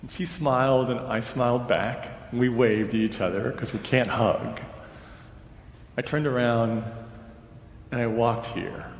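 A man's voice: medium pitch, steady tone, a little slow, slight background noise. A male pastor telling a personal story during a sermon, in a conversational storytelling way. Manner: conversational storyteller, voices others' lines in quotes. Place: church sanctuary. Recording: roomy church with long reverb.

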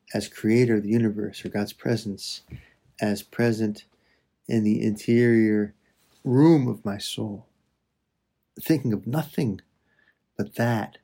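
A man speaks a slow, reflective prayer meditation in a mellow, darker voice with a slightly husky edge. He talks with soft pauses, turning from prayer to gentle teaching. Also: on the low side, steady tone.

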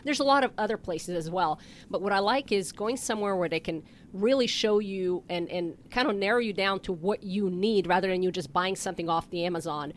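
A woman podiatrist, a guest on a health talk show, explaining foot problems in a relaxed, plain way with easy laughs. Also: mid-range voice, brisk, a little hiss or hum. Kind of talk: casual interview talk.

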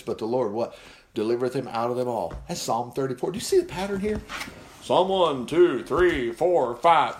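A man preaching an informal sermon, reading scripture aloud with folksy, chuckling asides. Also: fairly high pitch. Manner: animated and folksy, chuckling asides between read verses.

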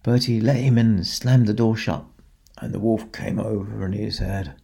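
A man telling a children's story in a gentle, expressive way, with dramatic pauses. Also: on the low side, vocal fry, breathy edge. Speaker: storyteller in a Santa persona.

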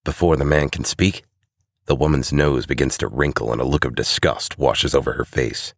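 Very deep-voiced male storyteller. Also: moderate pace, no echo, clean studio sound. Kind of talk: scripted narration.

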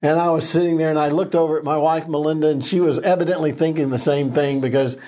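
A man's voice: fairly high pitch, steady tone, fast, warm tone. A man co-hosting a casual Bible discussion podcast, talking earnestly and with emphasis, with many ums and restarts. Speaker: podcast co-host.

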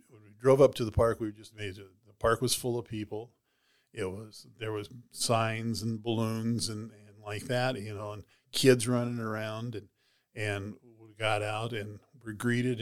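A man's voice: lowish voice, flat delivery, measured pace. A man, a heart transplant recipient, casually retelling a personal story in an interview, rambling with many "you know"s and "she goes".

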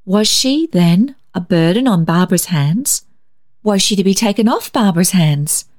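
Woman storyteller, steady mid-pitched voice, classic storybook narration. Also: measured pace.

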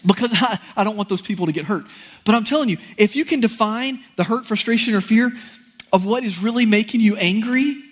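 A man preaching a sermon, telling a personal story in an animated, folksy, conversational way. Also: sits high.

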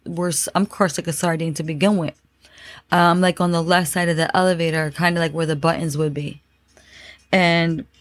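A woman's voice: fairly low pitch, no room sound. A woman host telling a dramatic personal story, repeating phrases and using many fillers. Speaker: podcast host.

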